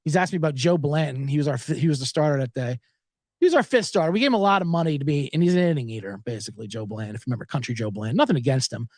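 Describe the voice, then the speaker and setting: A man, hosting a podcast and rambling through a profane, animated story. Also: on the high side, racing, no echo, studio quality. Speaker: podcast host. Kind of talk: casual storytelling monologue.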